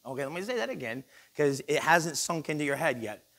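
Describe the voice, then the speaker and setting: A male pastor delivers an animated, joking sermon in a church and acts out the people he quotes. His voice sits a little high for a man and swings widely in pitch. The tone has a slightly husky edge. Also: a little fast.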